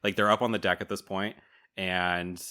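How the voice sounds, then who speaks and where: Lively man recapping a film. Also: low voice, smooth. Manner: animated storytelling, acts out characters in quick bits, laughs often. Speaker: podcast co-host. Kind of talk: casual movie recap chat.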